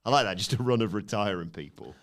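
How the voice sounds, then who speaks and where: A man's voice: fairly low pitch, fast, fairly bright tone. A man co-hosting a casual live podcast, reading out viewer messages with small fillers between them. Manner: reads out chat comments with fillers.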